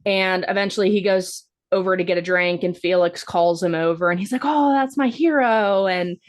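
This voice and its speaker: A woman's voice: on the low side, little pitch movement, brisk. A woman co-hosting a podcast, recapping a film in a casual, rambling way, full of "like" fillers and the odd swear word. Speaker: podcast co-host. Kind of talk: casual movie-review chat.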